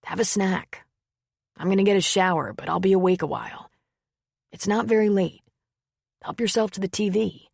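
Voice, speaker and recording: A woman's voice: medium pitch, normal speed, gravelly, pauses often, darkish tone, no echo, studio quality. A woman voicing a blunt, wry man in an audiobook, speaking in a plain, offhand way. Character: man who tends to others, blunt and wry.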